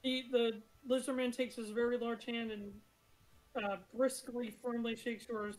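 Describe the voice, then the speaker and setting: A woman's voice: fairly high pitch, little pitch movement, unhurried, poor audio. A woman running a tabletop game as game master, narrating the scene in a chatty way and laughing now and then. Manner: chatty, laughs through descriptions.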